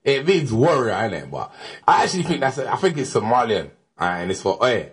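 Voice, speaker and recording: Cockney rapper, young man, husky swaggering voice, very lively pitch. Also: fairly quick. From East London. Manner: animated, swaggering. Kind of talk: casual interview chat.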